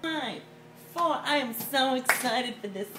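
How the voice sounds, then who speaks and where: A man playing a brash, excitable middle-aged woman with a New York accent who gushes loudly and swears casually in a comedy sketch. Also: extremely high pitch, takes it slowly, heavily acted. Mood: gushing excited. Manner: loud, gushing, swears casually. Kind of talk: comedy sketch character monologue. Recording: echoey room with background noise.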